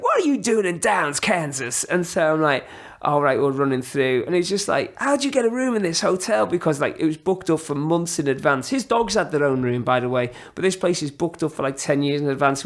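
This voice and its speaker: Man, middle-aged, slightly high voice, podcast guest, rambling storyteller, lots of fillers. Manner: rambling, animated anecdotes with many fillers and laughs. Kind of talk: casual storytelling chat.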